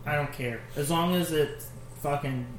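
A man's voice: fairly high pitch, moderate pace. A man chatting casually on a podcast in a loose, profane way. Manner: loose and profane, laid-back. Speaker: podcast co-host. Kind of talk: casual chat. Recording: echoey room with faint ambient noise.

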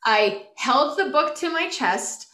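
Bright-voiced young woman, echoey room. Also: high-pitched, slow pace. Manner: animated storytelling, laughs often. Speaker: podcast co-host. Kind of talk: casual chat.

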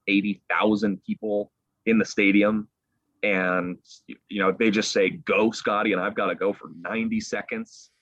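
A young man, a sports broadcaster, excitedly retelling a story as an interview guest over a video call, acting out quotes as he goes. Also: low-pitched, no room sound, dull audio. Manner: animated, excited retelling with quick acted quotes.

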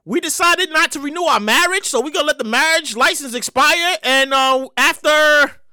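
Very high-pitched ranting woman host. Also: moderate pace, dry recording, studio quality. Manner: loud, profane, excitable ranting. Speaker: show host. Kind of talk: comedic rant monologue.

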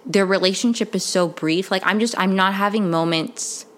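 A woman's voice: mid-range voice, normal speed. A young woman casually recapping a TV show, chatty and full of filler words and restarts. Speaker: TV recap vlogger.

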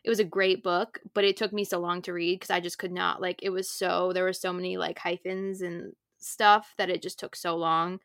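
Chatty Minnesotan woman with a bright voice. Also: lowish voice, little pitch movement, moderate pace, few pauses, no echo, clean studio sound. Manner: chatty, lots of "like" fillers. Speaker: podcast co-host. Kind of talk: casual chat.

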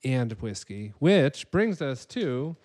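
A man's voice: mid-range voice, big pitch swings, slow, a little mellow. Rambling male podcast host. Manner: rambling, filler-heavy. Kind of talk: casual chat.

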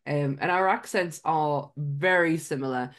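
A woman's voice: sits low, measured pace. A woman from Sunderland with a Mackem accent, co-hosting a podcast in casual, laughing chat. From Sunderland, England. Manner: chatty, laughs often, swears casually. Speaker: podcast co-host.

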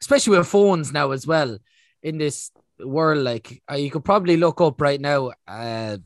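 Rambling Irish man, higher voice. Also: moderate pace, dry recording, studio quality. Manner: rambling, full of fillers. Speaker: podcast co-host. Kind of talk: casual chat.

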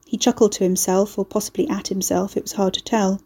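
A woman reading a dark fantasy story as its narrator, in a steady storytelling manner. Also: mid-range voice, fast talker, hardly any pauses. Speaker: audiobook narrator.

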